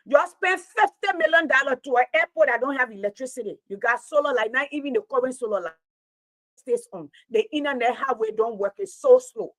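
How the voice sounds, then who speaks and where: A woman's voice: high voice, lively intonation, brisk, no echo, poor audio. A woman, a teacher talking straight to her online audience in an impassioned, preachy monologue, repeating her points for emphasis.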